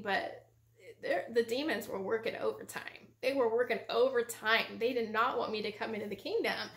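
A woman giving a personal faith testimony as a ministry vlogger, in an animated storytelling manner full of casual fillers. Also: a little high, moderate pace. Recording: roomy echo.

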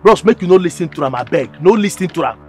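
A man's voice: high-pitched, animated, quick pace, music in the background. An actor with a Nigerian accent playing a meddling male hawker who lectures a friend, preachy and insistent. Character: meddling male hawker who warns against bad advice. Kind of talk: Nigerian Pidgin skit acting.

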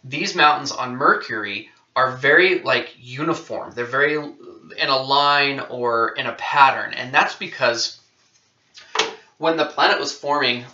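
A man's voice: mid-range voice, pushed and bright. A male science teacher giving a conversational classroom lecture at a whiteboard, often checking in with "okay?" and correcting himself as he goes. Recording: roomy, distant and dull-sounding.

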